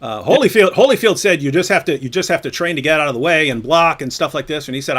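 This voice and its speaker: A man hosting a lively online hangout, talking fast and tumbling over his own words with restarts and repeats. His voice sits a little high for a man, and he stays energetic as he chats from home over a video call. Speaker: host. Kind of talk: casual group video chat.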